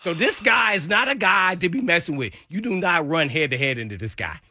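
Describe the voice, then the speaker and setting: A man's voice: sits high, brisk, no echo, clean studio sound. A man co-hosting a sports talk radio show, telling locker-room stories and acting out other people's voices as he goes. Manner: animated storyteller who acts out others' voices. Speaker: radio show co-host and former pro football player.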